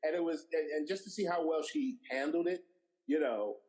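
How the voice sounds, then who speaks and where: His voice fairly high in pitch, a middle-aged guest director shares stories in an interview and acts out the lines he quotes with animation. He speaks at normal speed, and the recording is low quality.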